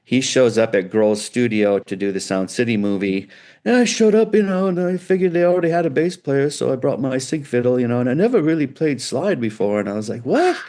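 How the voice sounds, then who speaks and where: A middle-aged man, a guitar builder, chatting as a guest in an interview and telling animated, loose stories with frequent restarts. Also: mid-range voice, fairly quick. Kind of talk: casual storytelling interview.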